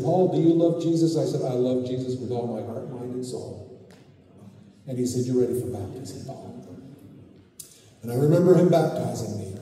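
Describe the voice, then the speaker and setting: A middle-aged Canadian pastor telling his life story in a sermon, relaxed and full of fillers. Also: on the high side. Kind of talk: sermon testimony. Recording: echoey hall from far off.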